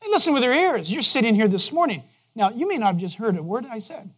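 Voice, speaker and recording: A man preaching a sermon to his congregation in a conversational way, asking them questions and dropping to a soft, low voice for gentle moments. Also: big pitch swings, fast talker, breathy edge. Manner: drops to a soft, low voice to quote God gently. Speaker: pastor. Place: church.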